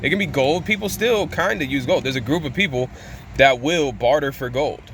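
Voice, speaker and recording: A man's voice: medium pitch, normal speed. Profane ranting man, faint street noise. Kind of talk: casual monologue.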